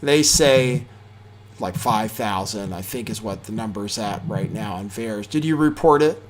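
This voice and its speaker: A man's voice: fairly low pitch, measured pace, a little hiss or hum. Man hosting, prompting with short questions. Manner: brief acknowledgements and probing follow-up questions. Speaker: podcast host. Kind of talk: interviewing.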